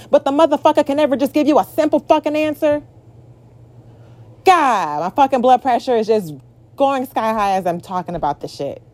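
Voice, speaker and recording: A woman's voice: sits high, a little mellow. Profane, exasperated young woman venting. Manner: mocks others in acted quotes. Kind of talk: venting rant to camera.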